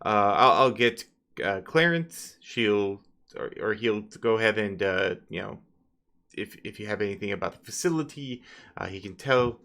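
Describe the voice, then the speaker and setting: A man's voice: fairly low pitch, lively intonation, normal speed, bright, forceful tone. A man voicing a nervous businessman who stammers and backpedals in a tabletop game. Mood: flustered. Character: flustered nervous businessman, middle-aged man.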